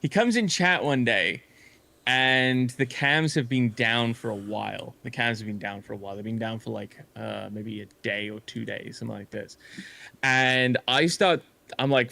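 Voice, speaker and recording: A man's voice: mid-range voice, moderate pace, creaky, pushed and bright, no echo. A man telling a long story in casual chat as a streamer, rambling with frequent swearing and restarts. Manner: rambling, swears often, many fillers and restarts.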